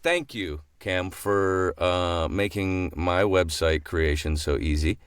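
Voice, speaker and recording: A man's voice: deep voice, slow pace, smooth, no room sound, clean studio sound. A man co-hosting a podcast in easygoing, laughing chat. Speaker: podcast co-host. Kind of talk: casual chat.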